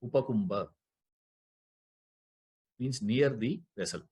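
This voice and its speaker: A man with a husky, slightly breathy voice of middle pitch teaches a scripture class. He explains grammar step by step, repeats the key terms, and keeps asking his listeners rhetorical questions. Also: slow, dark tone.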